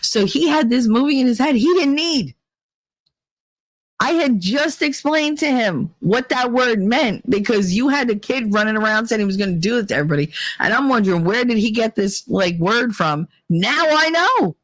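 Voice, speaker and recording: This podcast host is a woman with a fairly high, animated voice at a moderate pace, recorded with no room sound. Her casual storytelling and opinion chat comes out blunt and full of swearing, a heated retelling that rambles with many restarts.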